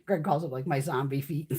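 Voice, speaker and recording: A woman in her fifties runs a laid-back beauty livestream from her mountain home, ranting bluntly and cursing nonstop. Her voice is low and steady, warm with a breathy edge, and she talks at a normal speed.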